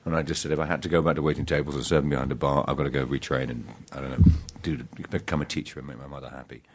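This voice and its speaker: A man with a very deep, low voice, chatting as a podcast guest. He tells stories in a halting, self-interrupting way and often pokes fun at himself. He sounds middle-aged and easygoing. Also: steady tone, husky. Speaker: guest actor.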